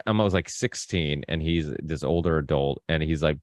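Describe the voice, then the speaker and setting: A man's voice: a bass voice, moderate pace, no echo. A man hosting a podcast, talking in a rambling casual way with many restarts. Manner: acts out quoted people in a raised voice. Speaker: podcast host.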